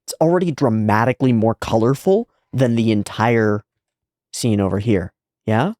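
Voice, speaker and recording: A man's voice: on the low side, moderate pace, a little mellow, no room sound, clean studio sound. A man hosting an anime reaction, chatting casually and swearing now and then.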